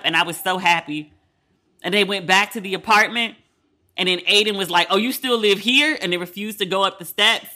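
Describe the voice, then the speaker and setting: A man's voice: high-pitched, sharp tone. A man hosting his own podcast, talking candidly and animatedly in casual solo commentary, with frank, profane asides. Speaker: podcast host.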